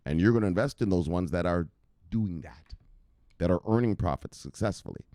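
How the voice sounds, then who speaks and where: A man's voice: sits low, expressive, fairly quick, mellow, no room sound, clean studio sound. A man hosting a crypto news show, giving hyped and profane casual market commentary straight to his viewers.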